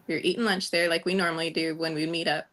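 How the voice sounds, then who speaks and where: A woman's voice: deep voice, level tone, quick pace, fairly bright tone. A woman, a guest in a casual chat, telling a story animatedly and acting out the dialogue.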